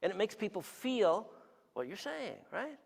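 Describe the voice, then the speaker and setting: A gravelly, breathy-edged voice that sits high, very animated yet unhurried, rings with big-room sound. He is a man in his sixties, guest-preaching a conversational sermon in a church hall, telling stories and questioning the audience.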